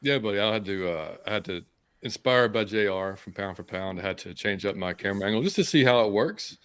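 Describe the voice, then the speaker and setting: A man's voice: on the low side, lively intonation, brisk, a bit bright, clean tone, no room sound. A man hosting a casual fan podcast, laid-back and rambling, saying "man" a lot. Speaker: podcast host.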